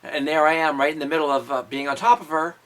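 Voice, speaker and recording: A man's voice: a little high, fairly even intonation, fast talker, a bit bright. A man in his fifties, a musician hosting his own show, telling crude, profanity-laced stories with frequent laughter. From Canada. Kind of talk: casual storytelling monologue.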